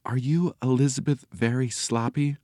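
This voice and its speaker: Hesitant storybook girl of ten, higher and hushed, read by a man. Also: steady tone, moderate pace, no room sound, clean studio sound, natural voice. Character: shy, awed ten-year-old girl.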